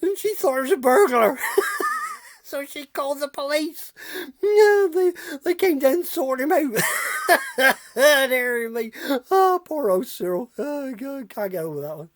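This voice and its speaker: A woman rambles through village gossip as a comic monologue, chuckling at her own stories. Her pitch swings widely and lively. The sound is close and dry. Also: a little slow, no room sound. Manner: rambling, with restarts and repeated phrases. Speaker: village news storyteller.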